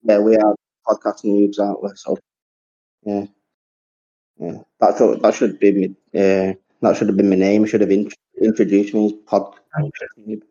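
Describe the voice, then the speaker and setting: Lowish and dark-toned, this man keeps a level tone at a moderate pace while co-hosting a podcast. He rambles casually and swears without restraint; the audio quality is dull and lo-fi.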